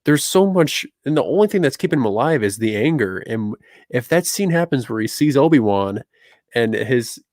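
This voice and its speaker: Casting note: male podcast co-host, dry close mic, mid-pitched, eager fan chatter. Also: moderate pace, no room sound. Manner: animated, speculative fan talk. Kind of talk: casual chat.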